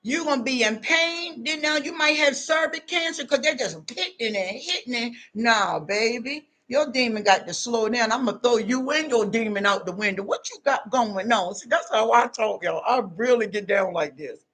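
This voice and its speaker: A woman, giving a loud, animated motivational talk to her viewers and laughing often. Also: a little high, moderate pace, few pauses. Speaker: online talk host.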